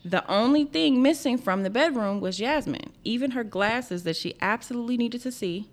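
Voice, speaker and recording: A woman's voice: a little high, expressive, moderate pace. A woman hosting a casual chat, telling a story and tossing dramatic questions to her co-host. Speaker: podcast host.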